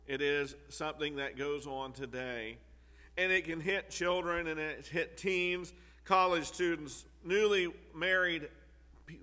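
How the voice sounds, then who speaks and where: A man's voice: fairly high pitch, sharp tone, big-room sound. A man preaching a sermon in an earnest way, repeating key phrases for emphasis.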